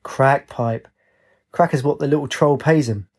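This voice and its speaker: A man's voice: mid-range voice, a little slow, a little mellow, natural voice. A man voicing a blunt, sarcastic homeless former soldier who mutters and mocks. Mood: sardonic.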